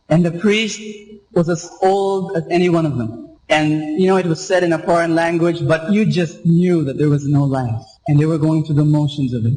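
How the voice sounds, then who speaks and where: A man preaching a sermon, impassioned and slowing down for emphasis. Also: on the high side, darkish tone, rough recording.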